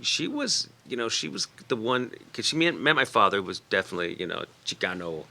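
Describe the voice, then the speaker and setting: A man's voice: on the low side, very animated, fairly quick, gravelly, bright, forceful tone. A man being interviewed as an author on a radio talk show, telling stories, acting out quoted voices and laughing often. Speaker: author and guest. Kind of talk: casual radio interview chat.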